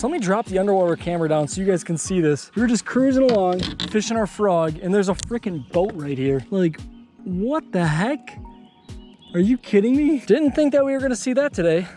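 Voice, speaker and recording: A man in his twenties chatting casually while fishing from a boat outdoors, getting excited whenever a fish bites. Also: high voice. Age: 20s. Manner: excitable, chatty, exclaims at every catch. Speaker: fishing vlogger. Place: outdoors on a bass boat on a lake.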